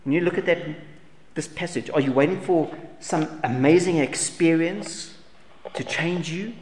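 A man preaching a sermon in earnest, pressing rhetorical questions and swinging between loud emphasis and hushed lines. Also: a little high, a little slow. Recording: long hall reverb, faint noise.

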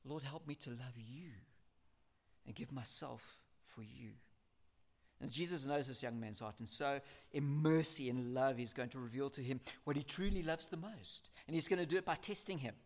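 A man with a medium-pitched voice preaches a sermon earnestly and emphatically. He builds his points through repetition and reads scripture aloud slowly.

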